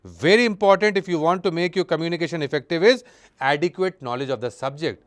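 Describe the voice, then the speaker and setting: A man lecturing to students in a fairly high voice. He speaks expressively, swinging his pitch and loudness for emphasis. He repeats words often and leans on fillers as he explains. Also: fast talker. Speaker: college lecturer. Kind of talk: classroom lecture.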